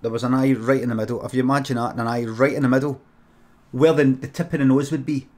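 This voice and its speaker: A Scottish man spinning an improvised comic story from a home streaming setup. His delivery is deadpan and full of swearing, with sudden loud shouted bits, at a pitch that sits in the middle for a man. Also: fast.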